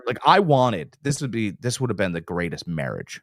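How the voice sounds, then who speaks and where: A man co-hosting a sports betting podcast, talking casually with big exaggerations and quick impressions. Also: lowish voice, no room sound, clean studio sound. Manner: animated, hyperbolic, jumps into little impressions. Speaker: podcast co-host.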